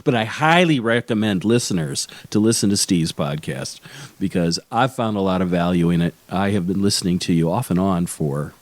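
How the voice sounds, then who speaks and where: A man from Chicago hosts a sales podcast in an easygoing, conversational way, agreeing warmly with his guest. His voice is fairly low. The sound is close and dry. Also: expressive, normal speed, dry recording. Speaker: podcast host. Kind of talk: podcast interview and closing remarks.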